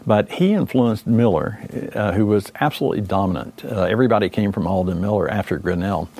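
A brisk older man with a warm, lowish voice gives an interview about the years he spent leading a condor recovery team. He rambles as he remembers, filling gaps with fillers and stopping to correct himself.

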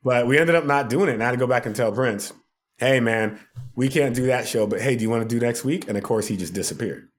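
A TV producer appearing as a podcast guest tells an animated story, laughing often and acting out the voices he quotes. His voice is mid-range and he talks fast.

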